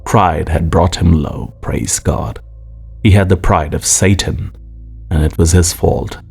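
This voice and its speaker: A man narrating an audiobook in a measured, expressive way. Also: low voice, vocal fry, slightly rough. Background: faint music.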